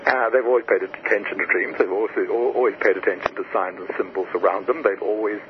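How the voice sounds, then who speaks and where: A man, an author being interviewed, telling stories and teaching by example with lively enthusiasm and frequent restarts. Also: on the low side, fast talker, phone-quality sound, noisy background. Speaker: author and guest. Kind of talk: animated storytelling interview answers.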